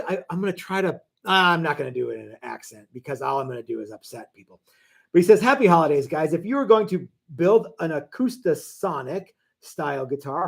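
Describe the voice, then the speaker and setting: A man's voice: a little high, gravelly, husky. Chatty man rambling on a live stream. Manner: rambling, chatty, lots of fillers and restarts, joking. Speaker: guitar shop owner hosting a live stream. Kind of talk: casual live-stream chat answering viewer questions. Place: guitar workshop.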